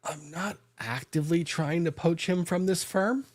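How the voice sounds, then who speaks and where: A man's voice: a little high, moderate pace, dry recording. A man, a lawyer hosting a podcast, telling a story in a casual, conversational way with frequent restarts and self-corrections.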